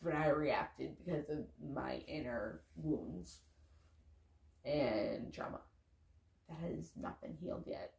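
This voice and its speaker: A woman's voice: very deep voice, takes it slowly, gravelly, darkish tone, reverberant. A woman giving loose, candid motivational talk to her viewers, casually swearing and saying "like" a lot. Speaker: vlogger, parent.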